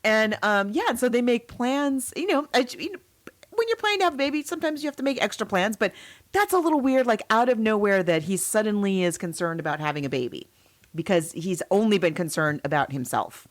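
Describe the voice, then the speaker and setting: A woman's voice: mid-range voice, fairly quick. Woman cohost, voice bounces all over, wry and sarcastic, casual chat. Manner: animated and wry, with laughs and sarcastic asides. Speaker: podcast co-host. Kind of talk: casual book-versus-movie chat.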